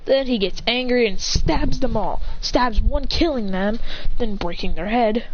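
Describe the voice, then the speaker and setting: Woman, casual improvised storyteller, rambling run-on delivery, lo-fi recording with faint hiss. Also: a little high. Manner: rambling, self-correcting, quick run-on telling. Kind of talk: improvised fan-fiction narration.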